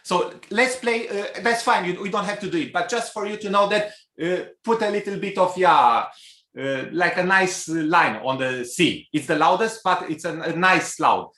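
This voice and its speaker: A man coaching a cello student in a masterclass, pausing often with fillers and singing phrases aloud to show them. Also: sits high, pushed and bright. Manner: hesitant, many fillers, sings phrases aloud. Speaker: cello teacher. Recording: roomy hall with instrument music.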